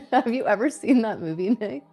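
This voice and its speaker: Playful woman co-host, husky voice, slow unhurried talk, laughs a lot. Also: fairly high pitch, lively intonation, mellow, faint music behind. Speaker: co-host of live trading stream. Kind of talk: casual chat.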